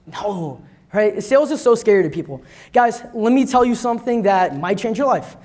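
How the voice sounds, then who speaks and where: A man's voice: high voice, normal speed. A man, a company president, giving a motivational sales talk at a conference, asking the crowd "right?" and acting out customers' lines. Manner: energetic, addresses crowd directly, acts out customers' lines; frequent "right?" tags and repeated words. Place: conference stage.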